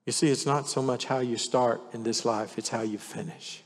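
A man preaches a sermon in an earnest way, leaning into the scripture he reads aloud. His voice sits at an ordinary middle pitch. The sound rings with the long reverb of a big church hall. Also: steady tone, normal speed. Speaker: pastor.

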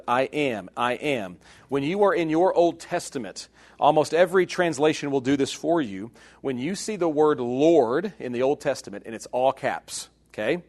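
A man teaching a Bible class in sermon style, animated and jokey, swinging between loud emphatic bursts and hushed asides. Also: mid-range voice.

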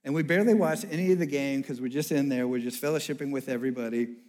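A man telling a personal story in a sermon, animated and acting out the people he met. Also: mid-range voice, fast.

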